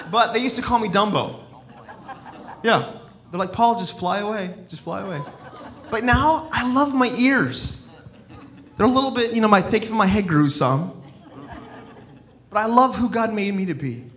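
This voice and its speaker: A man's voice: fairly high pitch, a bit bright. Man preaching in a free-flowing, storytelling way. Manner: free-flowing, personal storytelling with many restarts. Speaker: evangelist-missionary. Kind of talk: sermon. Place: church.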